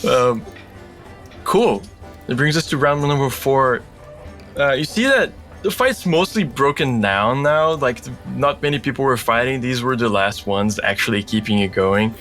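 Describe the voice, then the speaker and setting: Bright-voiced man running a tabletop game. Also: medium pitch, expressive, unhurried, faint music behind. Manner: loose, chatty narration with many fillers. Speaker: game master.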